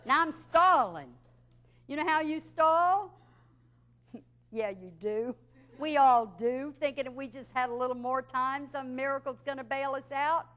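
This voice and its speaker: A woman spins a comic story in a bright, high voice. She talks in a lively, chatty way and laughs through her tale. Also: a little slow. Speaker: speaker telling a story.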